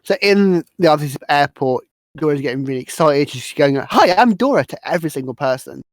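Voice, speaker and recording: A man talks through a film's plot on a podcast, rambling and stumbling over his words. His voice sits a little high. The sound is dry and close. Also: no room sound. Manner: rambling, halting, restarts words. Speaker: podcast host. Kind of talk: casual movie recap chat.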